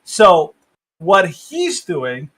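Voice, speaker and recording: A man co-hosting a podcast over a video call, talking politics in a halting, opinionated way. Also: sits high, huge pitch swings, fairly bright tone. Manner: halting, many fillers and restarts, opinionated. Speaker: podcast co-host. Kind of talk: casual political discussion.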